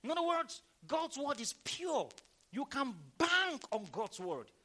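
A male pastor preaching a sermon with emphasis, calling on the congregation to respond and reading scripture aloud in a slow, drawn-out cadence. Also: very high-pitched, big pitch swings, sharp tone.

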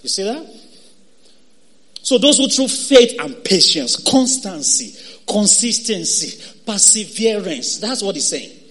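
A male pastor preaching a sermon, calling on the congregation for responses and breaking into shouted exhortations. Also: high voice, big pitch swings, slow pace.

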